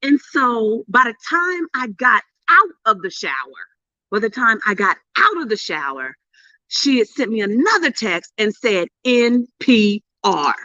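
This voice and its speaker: Woman, middle-aged, vlog storyteller, animated, emphatic, bright tone, muffled lo-fi sound. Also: on the high side, a little slow, dry recording. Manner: animated, emphatic, drops into a hushed aside then bursts out loud. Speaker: PR coach and storyteller. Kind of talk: casual excited storytelling to camera. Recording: dull lo-fi, dry sound.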